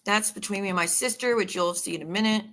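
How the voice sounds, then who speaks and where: Bright-voiced woman streaming candidly. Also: medium pitch, quick pace. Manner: candid, rambling, reads messages aloud. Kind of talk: casual livestream talk.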